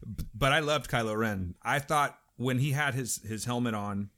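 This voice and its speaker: An American man co-hosting a podcast, hoarse and losing his voice, talking fast and casually with apologetic asides. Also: mid-range voice, sharp tone. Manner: quick, talkative, apologetic asides. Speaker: podcast co-host. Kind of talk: casual chat.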